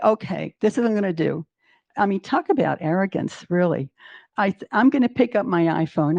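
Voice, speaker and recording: Animated woman in her eighties. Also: lowish voice, no room sound, highs cut off. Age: 80s. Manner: animated, acts out her own inner dialogue, laughs often. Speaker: podcast guest. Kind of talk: personal storytelling in an interview.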